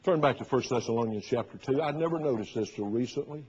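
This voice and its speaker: A fast-talking pastor with a breathy-edged, mid-range voice preaches in storytelling fashion. He acts out quoted voices loudly, and the sermon recording is dull and lo-fi.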